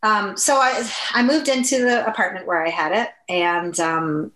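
A woman from the Upper Midwest of the US, telling an emotional personal story as an interview guest, earnest, with halting restarts. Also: medium pitch, steady tone, fairly bright tone, roomy sound, poor audio.

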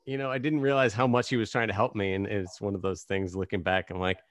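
A man's voice: fairly low pitch, flat delivery, fast talker, no room sound. A man hosting a casual podcast conversation, telling rambling, self-deprecating stories. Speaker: podcast host.

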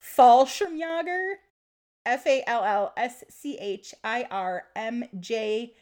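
A woman's voice: a little high, slow pace. A woman co-hosting a podcast, explaining history in a casual chat and laughing often. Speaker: podcast co-host.

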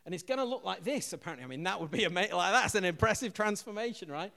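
High-voiced English preacher in a reverberant hall. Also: male voice, quick pace, vocal fry. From England. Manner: animated storyteller who acts out quotes loudly. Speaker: pastor. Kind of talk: sermon.

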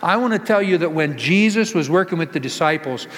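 A male pastor speaks fairly quickly with an expressive, somewhat bright, fairly high-pitched voice. His conversational sermon in a church sanctuary, ringing with long hall reverb, mixes rhetorical questions to the congregation with jokes.

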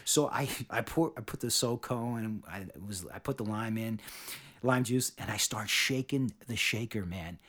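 A middle-aged man hosting a podcast, telling a bartending story in casual, animated chat full of cursing, restarts and "man". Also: fairly low pitch, moderate pace.

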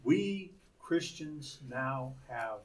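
A man's voice: medium pitch, lively intonation, very slow, distant mic. A man teaching a Bible lesson, explaining words by asking rhetorical questions.

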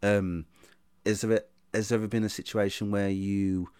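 Man, host, casual interview, halting, restarts, fairly low pitch. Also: level tone, darkish tone, smooth. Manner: halting, lots of ums and restarts. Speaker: actor, podcast host asking questions.

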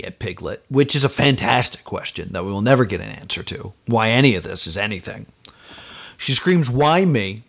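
A man hosts a casual podcast film review, alone at the mic. His voice swoops widely up and down as he rambles and vents, leaning on fillers throughout. He sounds exasperated rather than calm. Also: on the high side. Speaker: podcast host.

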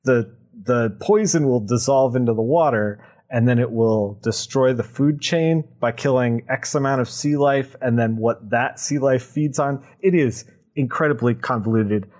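A young man recapping a comic book on a podcast, animated and sarcastic, laughing often. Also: medium pitch, normal speed. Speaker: podcast co-host.

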